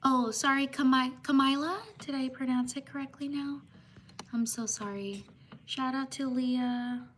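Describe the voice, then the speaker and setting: A woman hosting a casual livestream, giving slow, unhurried shout-outs and apologizing for mispronouncing names. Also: high-pitched, steady tone, a little hiss or hum. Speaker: livestream host.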